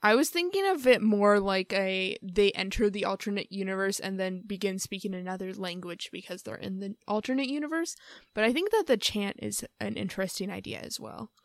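A woman's voice: medium pitch, brisk, no room sound. Playful woman podcast co-host, dry sound. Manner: playful, sings and chants lyrics, laughs often. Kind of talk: casual chat.

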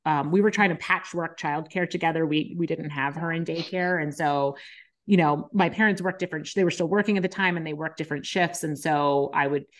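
A woman's voice: sits low, brisk. A woman, a nurse and podcast co-host, telling her own story in an open, reflective way. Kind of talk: candid conversation.

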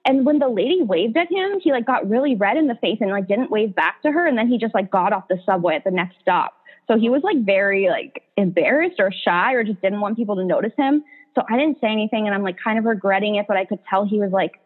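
A young woman chats in a casual podcast conversation, piling on "like" as her story rolls along. Her voice comes through narrow and tinny, like a phone line. Her pitch sits in a middle range. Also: expressive, fast talker, slightly rough. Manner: chatty storyteller, heavy "like" filler. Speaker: podcast host. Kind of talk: casual chat.

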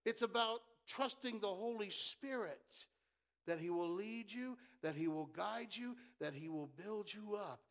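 Pastor, male, high tenor, fervent sermon delivery, rises to shouts then drops to a hush. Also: a little slow. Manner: impassioned preaching that drops to a hush; calls for congregation responses. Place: church.

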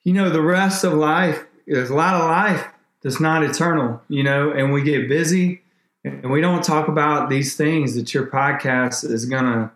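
A man, a podcast guest, telling an emotional faith story in a rambling, animated way with many restarts. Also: a little high, normal speed, reverberant.

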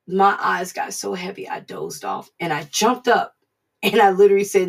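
A woman's voice: mid-range voice, big pitch swings, moderate pace, creaky, husky, far from the mic, rough recording. A woman giving an informal online devotional sermon, earnest and conversational, repeating her points as she preaches. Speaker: devotional speaker.

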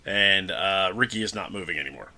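A man's voice: low voice, a little fast, pushed and bright. A man co-hosting a podcast, adding details and dry asides in casual chat about a movie. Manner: chimes in with corrections and dry asides. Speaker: podcast co-host.

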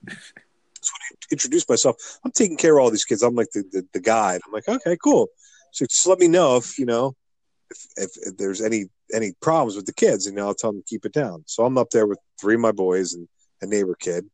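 A middle-aged man co-hosting a podcast, telling a rambling, animated story in casual chat. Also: fairly low pitch, fairly quick, no room sound, poor audio. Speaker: podcast co-host.

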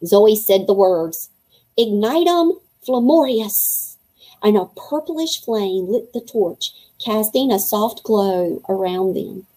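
A woman's voice: mid-range voice, takes it slowly, hardly any pauses, mellow, poor audio. A woman narrating a children's storybook aloud and giving each character a voice.

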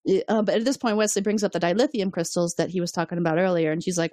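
A woman's voice: on the low side, steady tone, a little mellow, no echo. Giggly woman podcast co-host, dry mic. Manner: giggly, quick to laugh, recaps scenes in voices. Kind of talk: casual chat recapping a TV episode.

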